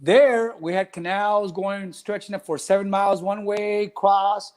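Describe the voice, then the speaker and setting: Animated coach telling stories. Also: male voice, high voice, measured pace. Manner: animated, acts out quoted voices, mixes in Spanish phrases. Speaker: track and cross country coach. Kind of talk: casual interview storytelling.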